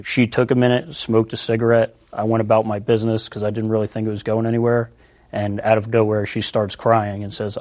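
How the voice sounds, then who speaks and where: A man's voice: fairly low pitch, little pitch movement, fairly quick, a little mellow. A male detective telling his story in an interview, casual, acting out quoted dialogue. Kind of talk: interview recollection.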